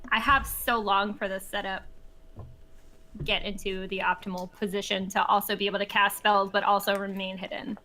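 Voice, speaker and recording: Bright-voiced woman thinking aloud at a game. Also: mid-range voice, level tone, normal speed, slight background noise, rough recording. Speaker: player. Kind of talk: casual tabletop play.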